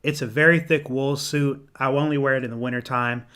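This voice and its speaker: A young man casually answering viewer comments on a live stream, rambling with ums and restarts, clearing his throat and losing his voice. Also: mid-range voice, fairly even intonation, brisk, sharp tone. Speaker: menswear YouTuber hosting a live Q&A.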